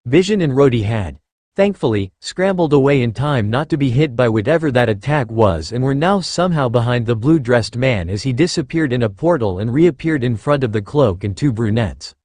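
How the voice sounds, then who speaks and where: A man narrating a fan fiction story in a steady reading voice. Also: medium pitch, normal speed, dry recording.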